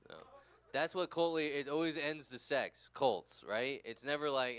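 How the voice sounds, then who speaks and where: A man's voice: medium pitch, measured pace, fairly bright tone, smooth. A tired, tipsy man from California doing a rambling, crude, self-deprecating stand-up set. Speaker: stand-up comedian.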